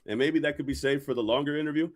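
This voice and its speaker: A man hosting a reaction channel, talking in a measured way as he lays out his view. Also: on the high side. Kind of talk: casual commentary.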